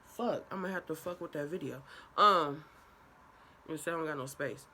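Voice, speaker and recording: A young woman vlogger telling a casual, profane story time in an animated way. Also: low voice, a little fast, slight background noise.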